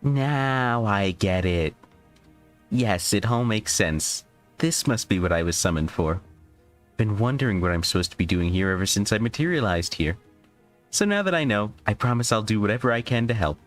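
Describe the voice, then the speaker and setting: A man reads aloud as a fretful young heroine from a story game, and she swings up and down in a lively way. She talks herself down, apologizes, and gushes her thanks. Soft music plays faintly underneath. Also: on the low side, normal speed, lightly acted. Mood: earnest. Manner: fretful, self-deprecating, breathless gratitude. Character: gentle, anxious young woman heroic spirit. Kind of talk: reading visual novel dialogue aloud.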